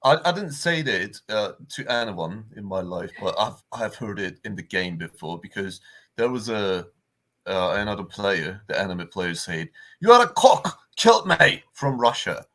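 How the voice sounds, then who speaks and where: A man's voice: sits low, moderate pace, a bit bright. A man joining a live stream over a call, laughing and stammering as he tells a story. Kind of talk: casual group chat on a live stream.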